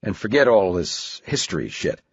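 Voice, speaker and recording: A man's voice: sits low, sing-song, moderate pace, slightly rough, no room sound, exaggerated voice. A man voicing a crude, ruthless middle-aged bank executive who talks in a blunt, profane, curt way, in an audiobook. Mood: hard-nosed. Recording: dry, slightly dull studio audio.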